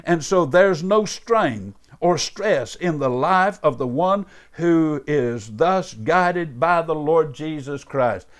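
A pastor preaches over the radio, his voice sitting a bit higher than most men's. He speaks earnestly and fervently, with plenty of filler sounds and repeated appeals to his listeners. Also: animated, slow pace, hardly any pauses. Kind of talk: radio sermon.

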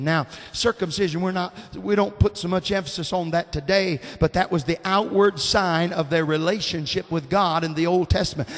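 A man in his fifties preaching a sermon in a folksy, fervent style, telling stories and calling out amens. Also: fairly high pitch. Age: 50s. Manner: folksy Southern preaching, rising to fervent shouts. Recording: long hall reverb.

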